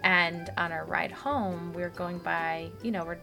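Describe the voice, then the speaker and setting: A woman's voice: lowish voice, steady tone, measured pace, gravelly, music in the background. A woman in her thirties co-hosting a podcast, gushing about her toddler's new word in a casual chat. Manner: warm gushing storyteller. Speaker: podcast co-host.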